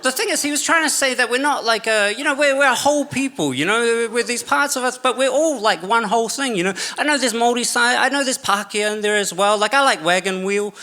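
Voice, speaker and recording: A man's voice: very high voice, fast talker, hardly any pauses, sharp tone, a little hiss or hum. A young man with a New Zealand accent performing a stand-up comedy set on a theatre stage, chatty and self-mocking. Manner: chatty, self-mocking, frequent filler "okay" and "you know". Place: large theatre stage with audience. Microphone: stage microphone.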